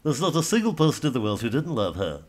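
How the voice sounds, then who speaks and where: A man's voice: medium pitch, sing-song, fast, a little mellow. A man playing a gushing male commentator who repeats himself insistently.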